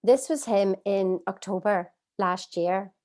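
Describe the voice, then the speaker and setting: A middle-aged woman leading a live online coaching masterclass from home, earnest and expressive, asking her audience many rhetorical questions. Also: mid-range voice, takes it slowly. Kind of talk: live-streamed coaching talk. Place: at home, streaming by video call.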